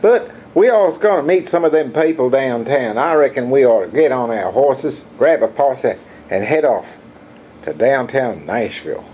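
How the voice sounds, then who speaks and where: A folksy cowboy, as a man puts him on, drawls in an overdone Southern twang. His pitch swings widely from phrase to phrase. A faint hiss sits behind him. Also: lively intonation, moderate pace, darkish tone, lightly acted. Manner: exaggerated Southern drawl, hokey folksy slang.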